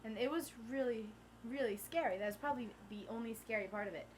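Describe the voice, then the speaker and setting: A woman's voice: on the high side, quick pace, slight background noise. A teenage girl vlogging, telling a story in casual chat and acting out the people in it. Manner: animated, acts out the people in the story.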